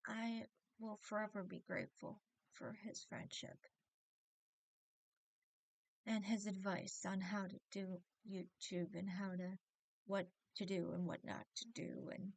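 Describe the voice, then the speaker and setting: A woman vlogger talking haltingly about missing her late cat and friend, often restarting her sentences and close to tears. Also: mid-range voice, darkish tone, dry recording. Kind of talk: emotional personal vlog.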